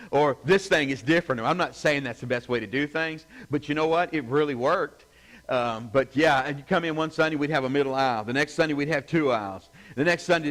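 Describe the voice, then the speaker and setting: A man's voice: mid-range voice, a bit bright, poor audio. A middle-aged man, a pastor, teaching a church class in a loose, conversational way, full of fillers and asides. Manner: conversational, rambling, lots of fillers and "you know". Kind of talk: informal teaching talk with anecdotes.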